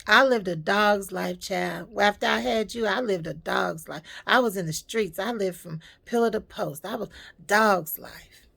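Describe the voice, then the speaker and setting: A woman's voice: medium pitch, normal speed, vocal fry, fairly bright tone, breathy edge, full character voice. Woman voicing a weary mother, emphatic. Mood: insistent. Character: weary mother looking back on a hard life.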